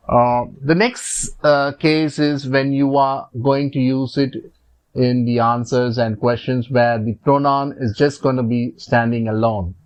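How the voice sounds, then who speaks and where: A man with an Indian English accent teaching French grammar over slides, patient and repetitive, with many fillers. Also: medium pitch. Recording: slightly dull lo-fi recording.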